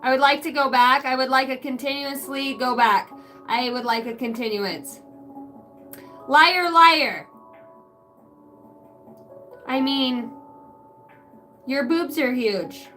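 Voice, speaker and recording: A woman's voice: high voice, fairly even intonation, a little slow, a bit bright, soft background music. A woman doing a casual live tarot reading from her backyard shed. She rambles, cracks crude jokes and laughs a lot. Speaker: tarot reader.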